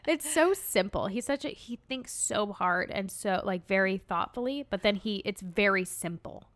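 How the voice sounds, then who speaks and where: A young woman with a Midwestern American accent, co-hosting a podcast in casual chat, quick and giggly as she tells stories. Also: mid-range voice. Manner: fast-talking, giggly, animated storyteller. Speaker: podcast co-host.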